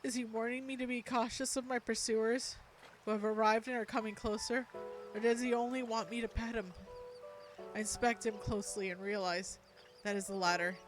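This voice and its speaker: A woman streamer reading a game's first-person story aloud in a measured, reflective way. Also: a little high, fairly even intonation, soft background music.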